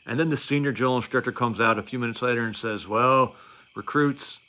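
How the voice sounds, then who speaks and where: A middle-aged man with a bright, forward voice spins a casual story, rambling and wry. He stops often for fillers and starts his sentences over. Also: medium pitch, fast.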